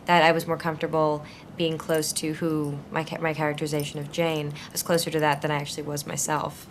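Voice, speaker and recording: Low-voiced young woman, thoughtful. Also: monotone, fast talker, slight background noise. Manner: thoughtful, searching, frequent fillers and restarts. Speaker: actress being interviewed. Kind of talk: conversational interview.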